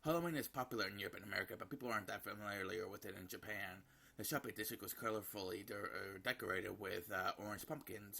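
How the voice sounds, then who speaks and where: A man narrating a visual novel aloud as he plays. His voice is deep and gravelly with a bright edge, and it stays flat. He stumbles now and then and corrects himself. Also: fast talker. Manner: reading with slips and self-corrections. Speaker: gameplay narrator.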